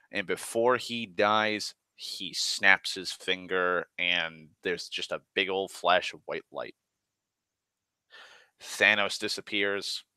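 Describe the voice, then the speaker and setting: A man giving a rambling, profane recap of a film, excitable and full of restarts. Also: deep voice, clean tone, no room sound. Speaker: movie vlogger.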